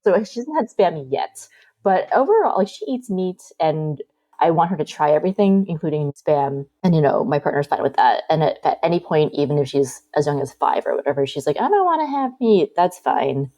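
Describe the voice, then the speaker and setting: Woman, podcast guest, deep mellow voice, reflective chat. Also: fairly quick.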